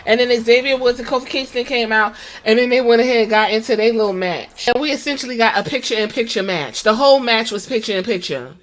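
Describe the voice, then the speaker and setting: Animated, profane woman recapping wrestling. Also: a little high, fast talker, few pauses. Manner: profane, animated storytelling with quoted impressions. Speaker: podcast host.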